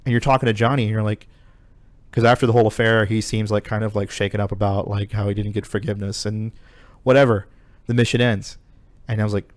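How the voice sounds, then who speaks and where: Podcast co-host, male, lowish voice, profane rambling storyteller, dry close sound. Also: little pitch movement, fast, dry recording. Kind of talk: casual chat.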